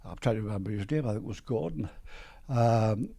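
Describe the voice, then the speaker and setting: An older man with a Geordie accent, a guest on an interview show, telling his story in a lively way and acting out old conversations. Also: on the low side, a little fast, gravelly. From Newcastle, England.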